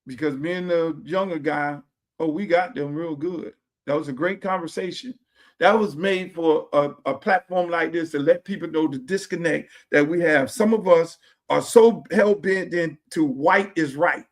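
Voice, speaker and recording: Impassioned high-voiced man in his sixties. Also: moderate pace. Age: 60s. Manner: impassioned, preachy, repeats phrases, swears freely. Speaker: podcast host. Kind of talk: casual monologue. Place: home theater room.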